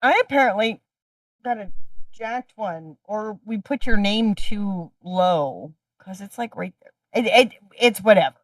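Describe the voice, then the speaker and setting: A woman co-hosts a livestream show, bantering playfully with a bouncy, swinging voice at an unhurried pace. She sits a bit away from the mic, in a dry room. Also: mid-range voice, animated, no echo, distant mic. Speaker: podcast co-host. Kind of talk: casual livestream chat.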